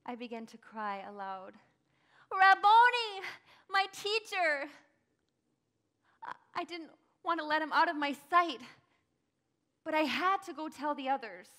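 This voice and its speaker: A woman acting a grieving early follower in a first-person dramatic monologue, telling it breathlessly and crying out in high bursts. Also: lively intonation, normal speed, bright, forceful tone. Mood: wondering. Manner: emotional, breathless storytelling, cries out in high bursts. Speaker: church dramatic monologue performer.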